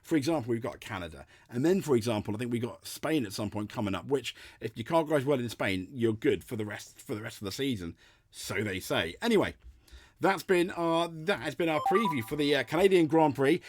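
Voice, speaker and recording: A man's voice: mid-range voice, expressive, a little fast, no room sound, clean studio sound. A man hosting a motorsport show, giving a casual race preview and often restarting and repeating his phrases as he talks. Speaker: motorsport podcast host.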